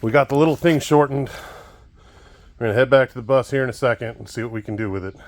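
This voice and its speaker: A frustrated man rants into the camera, swearing often and circling back over his complaints. His voice sits at an ordinary middle pitch for a man. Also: fast talker. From Kansas, United States. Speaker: vlogger. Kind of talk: venting vlog.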